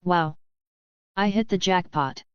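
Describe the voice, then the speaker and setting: A woman's voice: fairly low pitch, slow, clear, resonant tone, dry recording. A woman voicing a brash, theatrical young man who declaims grandly. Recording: dull lo-fi audiobook audio.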